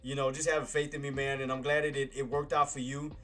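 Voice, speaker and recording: A man's voice: medium pitch, little pitch movement, fast, a bit bright. Laid-back slangy male trading streamer. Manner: laid-back, slangy, calls listeners boss and man. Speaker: day-trading livestream host. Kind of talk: casual live market commentary.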